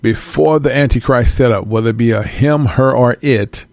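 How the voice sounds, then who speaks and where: A man giving an animated casual monologue to his viewers, swearing freely and laughing often. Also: medium pitch, moderate pace, no room sound. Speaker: host.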